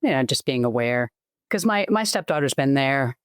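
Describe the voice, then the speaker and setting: A woman's voice: very deep voice, animated, smooth, no room sound. Podcast guest: middle-aged woman with a light Boston accent, rambling, chatty, dry close mic. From Massachusetts. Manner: chatty, rambling, quick asides. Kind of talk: casual interview chat.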